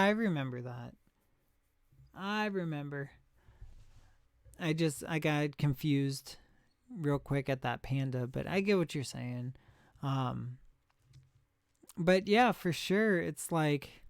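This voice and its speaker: Young guy rambling on his stream, slow and smooth, dry close mic. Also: on the high side, dry recording. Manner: rambling, chatty, laughs at himself. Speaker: live streamer. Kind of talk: casual chat reacting to chat.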